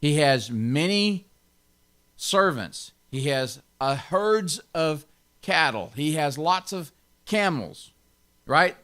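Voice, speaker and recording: Slow-talking man leading a Bible study. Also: on the high side, lively intonation, pushed and bright. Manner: repeats and stresses key words, chuckles often. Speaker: pastor teaching a Bible study. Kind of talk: informal Bible teaching.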